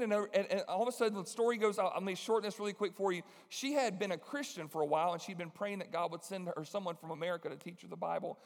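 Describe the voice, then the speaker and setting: A man preaches a sermon at a rapid clip, his voice sitting high for a man. He tells his story in an animated way, slipping into acted voices. The sound carries a long reverb from a large hall.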